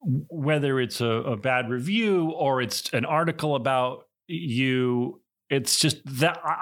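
Middle-aged man, animated raconteur, casual and self-correcting. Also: mid-range voice. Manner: animated, with frequent restarts and laughter. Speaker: actor and director, guest. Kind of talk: casual interview storytelling.

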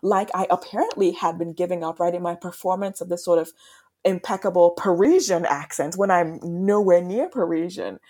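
A woman's voice: lowish voice, normal speed, a little mellow, slightly rough. A woman from Ghana, a French professor, talking reflectively as a guest in a podcast interview and often checking in with "right?". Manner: reflective, thinking aloud, frequent "right?".

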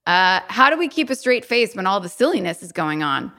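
A woman's voice: medium pitch, sing-song, fairly quick, pushed and bright. A woman co-hosting a podcast in casual chat, bubbly and giggly. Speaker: podcast co-host.

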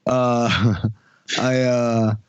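A man's voice: medium pitch, fairly even intonation, drawn-out words, clean tone, no echo. A man hosting a casual podcast chat, telling stories and retelling jokes. His mic sounds dry and a little dull. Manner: storytelling, reads jokes aloud with laughs. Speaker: podcast host.

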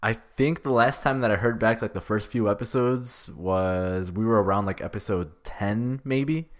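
A man's voice: fairly low pitch, moderate pace. A man co-hosting a podcast, teasing his partner and laughing in casual chat. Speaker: podcast co-host.

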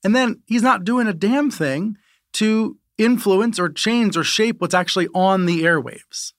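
A middle-aged man in an animated podcast conversation, quick and given to repeating words. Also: high voice, no echo, clean studio sound. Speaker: media reporter and podcast co-host.

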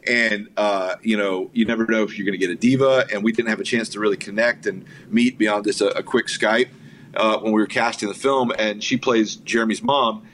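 A man's voice: fairly low pitch, a little fast, slight background noise. A man, a filmmaker guest, telling stories in a casual interview, full of fillers and quoted voices. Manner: animated anecdotes with quoted voices, frequent fillers.

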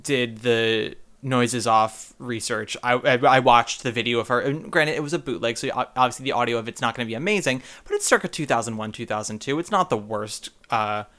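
A man's voice: medium pitch, brisk, few pauses, sharp tone. A man hosting a theatre podcast, chatting casually with teasing, profane banter. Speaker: podcast host. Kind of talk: casual chat.

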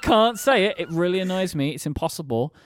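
A man's voice: sits high, lively intonation, a little fast. A British man hosting a podcast, joking and teasing his co-host in casual chat. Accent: British English. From Britain. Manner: joking, teasing, laughs often.

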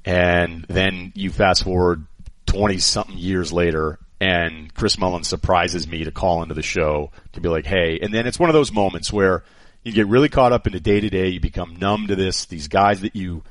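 Low-voiced man telling show stories. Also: moderate pace, no echo. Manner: animated storyteller, acts out quotes. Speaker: radio show co-host. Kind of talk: casual chat looking back on the show.

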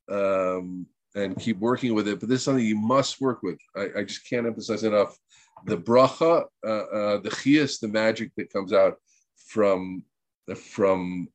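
A man with a lowish voice, recorded with no echo, leads a weekly group session. His informal spiritual talk is earnest and emphatic, rambling with restarts and sprinkled with Hebrew terms.

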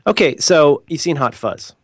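A man's voice: a little high, lively intonation, normal speed, slightly rough, no room sound, clean studio sound. An American man in casual conversation, asking rambling questions and stumbling over his words. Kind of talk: casual chat.

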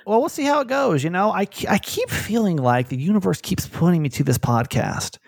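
Gravelly, candid male podcast host. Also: sits high, fairly quick, dry recording, studio quality. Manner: candid, rambling, animated retellings. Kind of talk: casual podcast chat.

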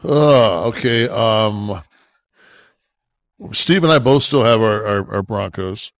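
A man in his sixties co-hosting a podcast, talking casually in a rambling, profane way, full of halting restarts. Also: lowish voice, dry recording, studio quality. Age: 60s. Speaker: podcast co-host. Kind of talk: casual chat.

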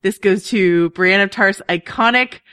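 A woman's voice: medium pitch, unhurried, a bit bright, clean tone, no echo, clean studio sound. A woman co-hosting a podcast, chatty and enthusiastic, laughing often as she talks. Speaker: podcast co-host. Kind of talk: casual podcast chat.

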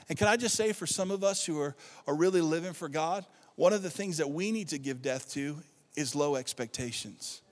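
Male pastor, lively sermon, calls for responses, slightly higher voice, echoing church hall. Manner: call-and-response preaching with rising excitement. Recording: long hall reverb.

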